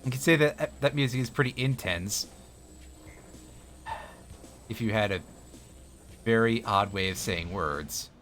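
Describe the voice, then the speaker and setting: A man streams a video game live, making wry, self-mocking comments and addressing his chat as he plays. His voice is on the low side and a bit bright, with a measured pace and frequent pauses, while game music plays softly behind him.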